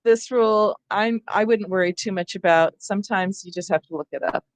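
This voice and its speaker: A woman's voice: medium pitch, brisk, dry recording. Casual woman leading a teacher workshop. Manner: casual, conversational teaching with asides. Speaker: literacy teacher trainer. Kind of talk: professional development lecture.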